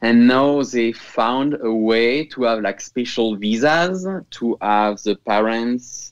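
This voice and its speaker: A man's voice: medium pitch, slow pace, clear, resonant tone, dull audio. A man with a French accent, a fertility center case manager, speaking earnestly in an interview and sometimes searching for words. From France. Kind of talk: interview over a call.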